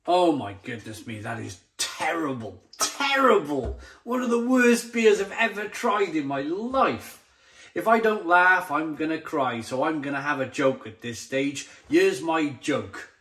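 A man's voice: a little high, animated, unhurried, a bit bright. A man reviewing a beer to camera in a blunt, exasperated way, often stumbling and repeating himself. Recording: roomy echoey sound.

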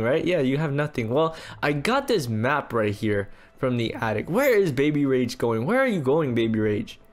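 Animated man narrating game role-play. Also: a little high. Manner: animated, exclaiming, talks to viewers. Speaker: gaming video host.

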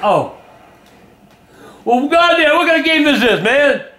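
An older man who yells and curses at a video game he is playing, ranting in angry outbursts. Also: extremely high pitch, animated, a little slow, echoey room. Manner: cursing, yelling and ranting.

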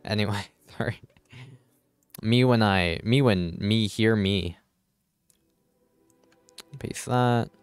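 Man game streamer, low voice, slow unhurried talk, keeps muttering hold on, swears at chat, faint music behind. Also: smooth, dry recording. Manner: distracted, keeps saying hold on while fiddling with settings; swears casually, talks back to chat. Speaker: live streamer. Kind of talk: casual gaming stream chat.

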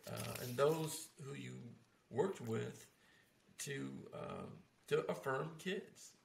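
Gravelly male host in an echoey room. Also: medium pitch. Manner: affirming, rambling follow-up questions. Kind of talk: interview. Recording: roomy echo, faint hiss.

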